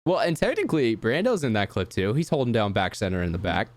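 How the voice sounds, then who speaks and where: A man's voice: fairly low pitch, wildly swooping pitch, fast, no echo. A man hosting a podcast in casual chat, laughing often and steering the conversation. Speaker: podcast host.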